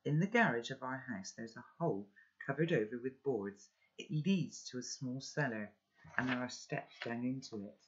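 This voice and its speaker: A man's voice: mid-range voice, lively intonation, normal speed, a bit bright, lightly acted. A man reading as a loving, earnest father. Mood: urgent. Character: loving father writing to his son. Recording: dull, lo-fi recording.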